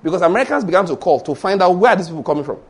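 A middle-aged Nigerian pastor with a Yoruba accent delivers a sermon. His voice sits fairly high for a man. He tells stories with animation, acts out dialogue and throws rhetorical questions at his listeners. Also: animated, very fast, slightly rough.

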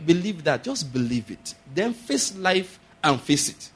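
A man pastor preaching a sermon, swinging between quiet asides and sudden loud, high emphasis. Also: big pitch swings, unhurried, breathy edge. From Nigeria.

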